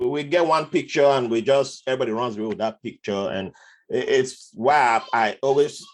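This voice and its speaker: A man, a podcast guest telling stories from his life in a lively conversational way and slipping into other people's voices. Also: mid-range voice, fairly quick. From Nigeria. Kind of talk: conversational storytelling.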